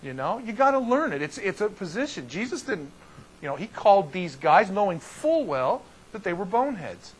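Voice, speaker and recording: A man teaching as a pastor in an informal Bible study, talking in a folksy, animated way and often restarting his sentences. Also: high voice, moderate pace, slightly rough, poor audio.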